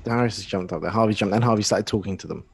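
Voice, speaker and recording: A man playing a tabletop game over voice chat, musing and trailing off softly. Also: on the low side, rapid-fire, vocal fry, breathy edge, no room sound. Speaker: player.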